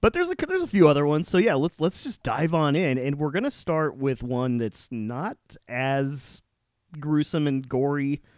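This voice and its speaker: A man's voice: on the high side, animated, moderate pace, darkish tone, no echo, clean studio sound. A man hosting a podcast in casual chat, joking and sarcastic with his friends. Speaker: podcast host.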